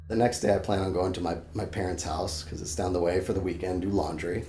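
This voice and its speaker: A young adult man, a podcast guest, telling a story in casual chat, animated and swearing freely, acting out his own shouts. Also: fairly low pitch, fairly quick. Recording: echoey room, faint background noise.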